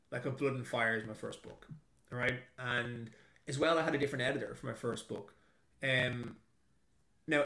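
A man's voice: medium pitch, a bit bright. Male author guest, chatty and emphatic, mid-range voice, echoey room recording. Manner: chatty, emphatic, laughs often. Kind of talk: casual interview chat.

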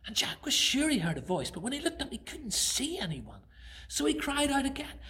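A man preaching a sermon who opens with a prayer and tells a story in a conversational, animated way. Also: extremely high pitch, fairly quick.

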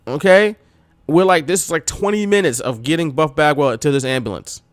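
A man's voice: a little high, brisk, no room sound, clean studio sound. A man co-hosting a casual wrestling podcast, telling stories with energy and acting out quotes. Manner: animated storytelling, acts out quotes in a raised voice. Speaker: podcast co-host.

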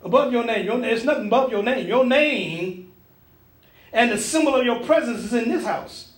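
A man's voice: very high voice, normal speed, roomy sound. A man preaching a sermon in a church, emphatic and folksy, drawing responses from the congregation.

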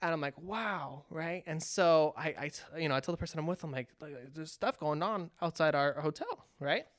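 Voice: mid-range voice, normal speed, dry recording, clean studio sound. A speaker from California telling a long personal story in casual chat, acting out quotes with lots of restarts. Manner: animated, acts out quotes, frequent restarts.

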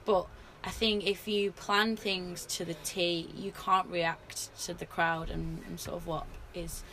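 A woman wrestler telling stories in a casual interview, animated and full of fillers. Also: lowish voice, a little slow, slight background noise. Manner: animated storyteller, many fillers.

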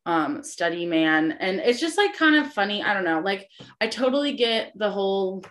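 A woman's voice: medium pitch, lively intonation, normal speed, a bit bright. A young woman hosting a podcast in casual chat, rambling with lots of fillers and giggles. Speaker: podcast host.

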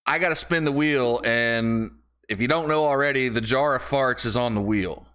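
Man, podcast host, casual rambling chat, average pitch. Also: moderate pace, fairly bright tone, clean tone. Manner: joking, rambling.

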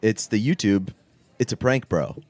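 A man's voice: lowish voice, normal speed, a little mellow, no echo. A man co-hosting a podcast, chatting casually in a wry way and laughing often. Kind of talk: casual chat.

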